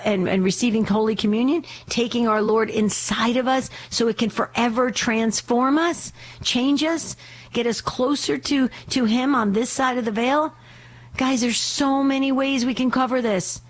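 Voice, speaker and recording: Woman, radio host, live call-in show, fervent, urgent, pleading, slight lingering cough. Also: fairly high pitch.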